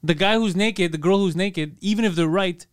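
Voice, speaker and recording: A man's voice: high-pitched, moderate pace, smooth. A man in casual comedic chat, building up observational bits and laughing along. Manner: riffing on bits, laughs often.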